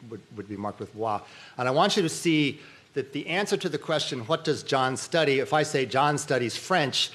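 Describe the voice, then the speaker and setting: A middle-aged man giving a university symposium lecture, explaining ideas casually and checking in with the audience by saying "okay.". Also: mid-range voice. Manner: conversational lecturing with frequent "okay" and restarts. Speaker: academic dean giving a symposium talk. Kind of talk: lecture on linguistics.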